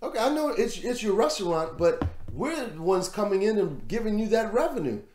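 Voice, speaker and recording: A man's voice: high voice, big pitch swings, brisk, darkish tone, echoey room, slight background noise. A man giving casual, rambling commentary on a news story as host of his own show, repeating words as he goes. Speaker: vlog host.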